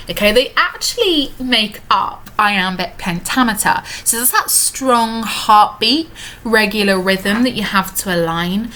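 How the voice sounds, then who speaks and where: A woman teaching a poem in a recorded lesson, voice at an ordinary middle pitch. She works through the lines step by step, slows down to read verses aloud and leans on fillers as she thinks. A faint hiss runs under the recording. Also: animated, sharp tone. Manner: explains step by step, many fillers, reads lines slowly.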